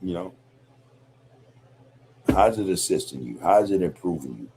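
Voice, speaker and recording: A man's voice: deep voice, animated, unhurried, darkish tone, slight background noise. A man hosting a podcast, talking in a reflective, loose, profane way, peppered with "you know, man". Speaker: podcast host. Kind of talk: casual podcast monologue.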